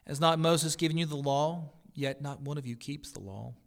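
A man's voice: a little high, moderate pace, creaky. Jesus, a solemn teacher, as a man reads him. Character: Jesus, a calm, firm male teacher.

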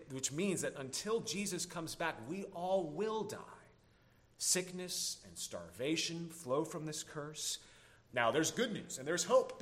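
A man preaching an earnest sermon as a pastor, slowing down to stress key words. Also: fairly high pitch, fairly bright tone. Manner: earnest preaching, slows down for emphasis.

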